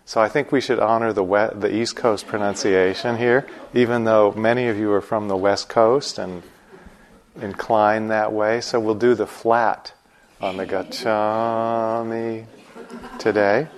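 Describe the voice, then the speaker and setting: A middle-aged man giving morning instructions at a meditation retreat, unhurried and gently joking as he explains a chant. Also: on the low side, fairly even intonation. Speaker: meditation teacher.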